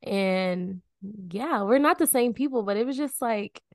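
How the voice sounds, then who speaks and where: A young woman co-hosting a podcast, talking in an upbeat, animated way and saying "like" a lot. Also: fairly high pitch, unhurried, dry recording, clean studio sound. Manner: bubbly and animated, says "like" often. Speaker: podcast co-host. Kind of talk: casual chat.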